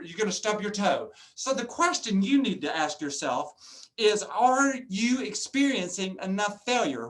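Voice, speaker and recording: A man giving a motivational keynote talk as a professional speaker, animated and jokey, acting out customers in funny voices. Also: high voice.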